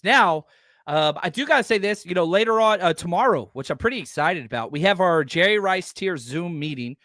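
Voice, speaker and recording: Male fan-podcast host, blunt and animated, lively swooping delivery, dry close sound. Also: high voice, a little fast, dry recording. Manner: animated, blunt, reads out viewer chats. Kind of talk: live postgame fan reaction show.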